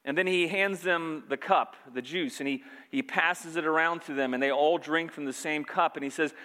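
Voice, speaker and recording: A man's voice: on the high side, moderate pace, hardly any pauses, sharp tone, big-room sound. A male pastor preaching a sermon, retelling scripture scenes earnestly and quoting the lines as he goes.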